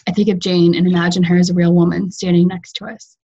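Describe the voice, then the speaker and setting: A woman fiction writer reading her own story aloud in a calm, measured way over a video call. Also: fairly low pitch, husky, highs cut off. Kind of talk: literary reading.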